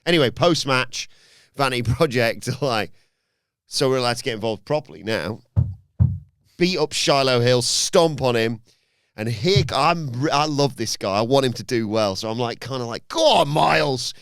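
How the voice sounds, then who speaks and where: A man hosts a casual wrestling podcast and retells the matches with lively, swooping delivery, putting on the wrestlers' voices as he goes. His voice is smooth and clear, and it is recorded dry and close. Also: mid-range voice, normal speed, no room sound. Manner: animated storytelling with acted-out quotes. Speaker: podcast host. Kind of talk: casual wrestling review chat.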